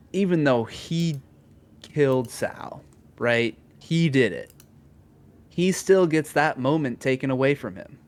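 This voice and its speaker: A young man co-hosting a podcast, talking through his thoughts in a casual, thoughtful way with lots of fillers. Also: mid-range voice. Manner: thoughtful, many fillers and restarts. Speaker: podcast co-host. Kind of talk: casual chat.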